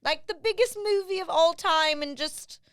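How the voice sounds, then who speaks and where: Very high-voiced woman riffing on a podcast. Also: moderate pace, fairly bright tone. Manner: playful, swearing, riffing. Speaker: podcast guest. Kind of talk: comedic table read and banter.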